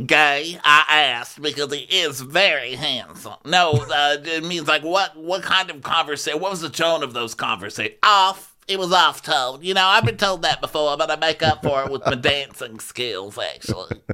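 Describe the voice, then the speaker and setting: Bright, crisp-voiced sarcastic man. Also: a little high, moderate pace, hardly any pauses. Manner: profane, sarcastic. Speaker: podcast co-host. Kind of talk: comedic TV recap chat.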